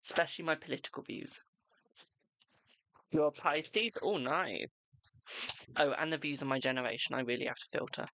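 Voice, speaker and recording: A young adult tarot reader hosts a live stream in loose, unscripted chat. The voice sits at a middling pitch with a gravelly rasp running through it, and the sound is close and dry with no room around it. The delivery is blunt and frank, with a self-mocking edge. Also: normal speed, long pauses, sharp tone, dry recording. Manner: blunt, chatty, self-deprecating.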